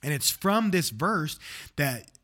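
A man's voice: fairly high pitch, sing-song, slow, bright, forceful tone. A man, a pastor, chatting casually on a podcast as he recaps a sermon, with frequent restarts. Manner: conversational, with restarts and light laughs.

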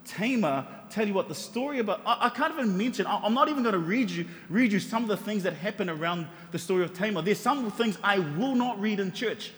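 A man's voice: sits high, animated, a little fast, hardly any pauses, a bit bright, in a large hall. A middle-aged man preaching a sermon in a church, telling stories with humor and rhetorical questions. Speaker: pastor.

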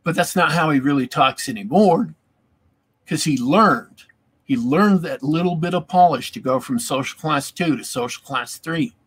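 A man's voice: on the high side, moderate pace, breathy edge. A man in casual chat about tabletop gaming, rambling and repeating words as he thinks.

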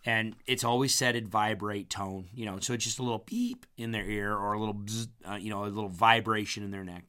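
A man telling a rambling story in a casual chat, his voice strained after hurting his vocal cords, clearing his throat often. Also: on the low side, steady tone, a little fast, pushed and bright.

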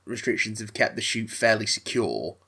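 A man co-hosts a casual podcast and rambles through stories, restarting his sentences as he goes. His pitch swings widely. His voice has a bright, sharp edge. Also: normal speed, gravelly, husky. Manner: animated, rambling storytelling with frequent restarts. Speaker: podcast co-host. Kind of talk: casual chat.

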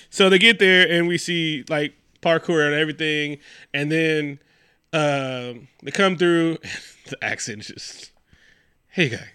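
A man's voice: a little high, pushed and bright, clear, resonant tone, no echo, studio quality. A man co-hosting a casual movie review chat, rambling and laughing, swearing and acting out the characters. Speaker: podcast co-host.

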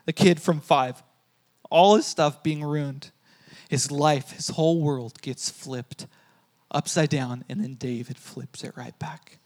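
A male pastor preaching a sermon, emphatic, repeating key phrases and swinging between loud and soft. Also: on the high side. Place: church hall with a congregation.

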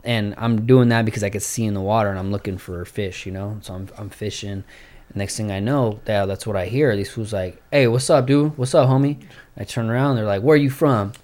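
A man telling a fight story in casual, profane, animated chat. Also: lowish voice, a little fast.

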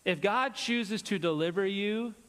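A pastor preaching a sermon with earnest emphasis, dropping low and soft on his key points. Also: unhurried. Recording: long reverb of a church hall.

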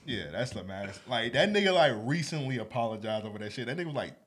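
A man's voice: mid-range voice, fast. A man co-hosting a podcast, telling funny stories in casual chat and acting out the people he quotes. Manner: animated storyteller, acts out quotes. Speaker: podcast co-host.

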